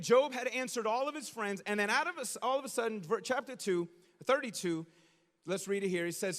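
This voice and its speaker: A male pastor preaching a sermon in an animated, conversational way, full of casual slang and acted-out asides. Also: high voice, in a large hall.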